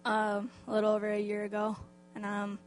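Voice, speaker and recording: A woman's voice: medium pitch, completely flat delivery, fairly quick. A woman sharing a church testimony about volunteering, speaking with frequent hesitant fillers. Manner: warm, hesitant, with many fillers. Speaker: driver and program volunteer.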